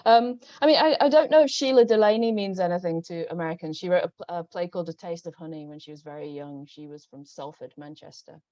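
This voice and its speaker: Novelist guest, woman, Northern English accent, mellow low voice, hesitant, dull call audio. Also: fast, few pauses, no room sound. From Northern England. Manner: hesitant, many restarts and ums. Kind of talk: conversational book talk. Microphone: video call.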